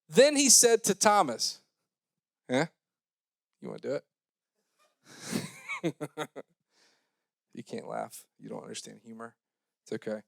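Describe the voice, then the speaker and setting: A young man giving a youth sermon, joking and talking casually, switching between loud scripture reading and quiet mumbled asides. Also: medium pitch, no room sound. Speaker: youth pastor.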